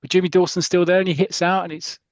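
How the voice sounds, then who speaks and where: Brit guy telling a comic story, lively, laughs a lot, dry close sound. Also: high-pitched, fast talker, no room sound, muffled recording. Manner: animated storyteller, laughs often, acts out quotes. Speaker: podcast host retelling a comic story. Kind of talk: casual chat, retelling with put-on voices.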